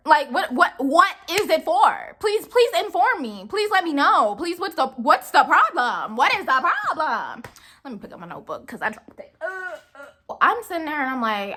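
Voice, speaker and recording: A woman's voice: high voice, big pitch swings, normal speed, pushed and bright. A young adult woman vlogging a casual storytime about a rude customer at work, exasperated and full of rhetorical questions.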